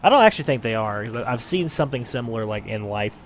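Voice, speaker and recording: A man's voice: medium pitch, animated, fast, slight background noise. A man giving casual, joking let's-play commentary with a profane streak. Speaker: game streamer.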